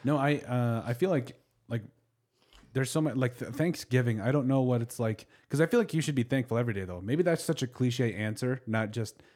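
A man's voice: mid-range voice, a little fast, a little mellow. A man hosting a casual podcast chat with friends, rambling and often trailing off and restarting. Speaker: podcast host.

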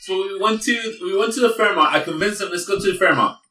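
A man telling a profane, animated story in casual chat, slipping Spanish words into his English. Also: sits high, fast, faint music behind. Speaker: podcast guest telling a story. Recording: echoey room, distant mic.

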